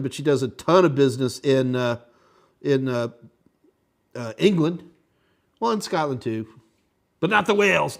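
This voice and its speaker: A man hosting a live tech question-and-answer stream, rambling casually and thinking out loud as he reads viewer chat. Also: on the high side. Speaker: tech instructor and show host.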